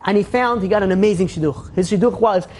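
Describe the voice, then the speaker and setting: A man's voice: high voice, fast talker, a little hiss or hum. A rabbi telling a parable in a casual lecture, with lots of "you know" as he goes. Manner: casual, animated retelling full of "you know". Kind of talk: storytelling lecture.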